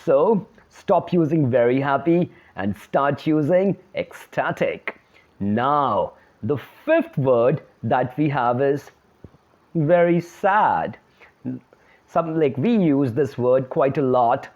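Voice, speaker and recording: A man teaching vocabulary in a video lesson, emphatic and repeating key words slowly. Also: mid-range voice, expressive, a little mellow, lo-fi sound. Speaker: English teacher.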